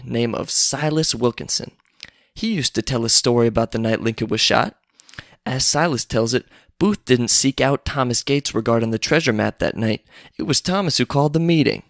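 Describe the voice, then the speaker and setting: A man's voice: medium pitch, dry recording, clean studio sound, lightly acted. A man reading a screenplay aloud, voicing a smug man who politely but pointedly challenges a family's reputation.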